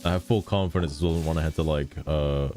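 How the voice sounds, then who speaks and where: A young man giving casual gameplay commentary as a streamer, chatty and swearing freely with quick exclamations. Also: extremely low pitch, steady tone, music in the background. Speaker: vtuber streamer.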